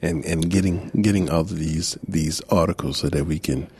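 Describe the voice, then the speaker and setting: A man with a New Orleans accent hosting a casual radio interview, laid-back and lively, with a deep gravelly voice. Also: normal speed. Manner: laid-back, lively, repeats a drawled catchphrase, chuckles often. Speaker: radio show host.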